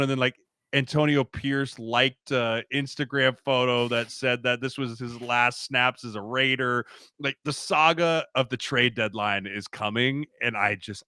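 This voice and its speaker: Man, low pitch, crisp resonant tone, laid-back casual chat, dry close mic. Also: pushed and bright, dry recording. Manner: laid-back, says "like" often. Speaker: guest, former football player.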